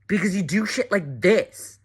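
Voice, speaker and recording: A man's voice: sits high, a little slow, husky. A man giving a frustrated confessional as a game contestant, swearing and repeating himself. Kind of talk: confessional rant.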